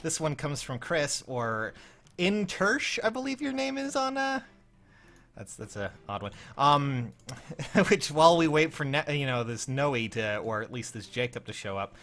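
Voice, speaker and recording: A man's voice: fairly high pitch, very animated, unhurried, a bit bright. A man hosting a casual livestream, flustered and rambling, often laughing as he reviews viewers' game builds. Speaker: livestream host.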